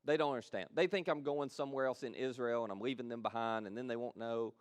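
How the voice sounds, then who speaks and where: A man preaching a sermon as a pastor, telling the story with lively, animated delivery and acting out voices of the people in it. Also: medium pitch, fast, clear, resonant tone, no room sound, studio quality.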